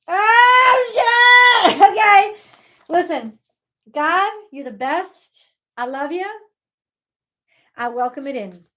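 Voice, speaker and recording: A woman with a high voice chats through a tarot reading, talking by turns to God and to her viewers. She is excitable and casual, with the odd swear word. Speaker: tarot reader. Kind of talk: live tarot reading chat.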